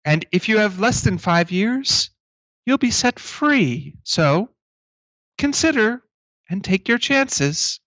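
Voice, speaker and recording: A man voicing a male robot overseer making a slow, deliberate announcement over a prison paging system. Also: high-pitched, lively intonation, a bit bright, no echo, dull audio, pitched above the performer's own voice, heavily acted. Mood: commanding. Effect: overhead paging system.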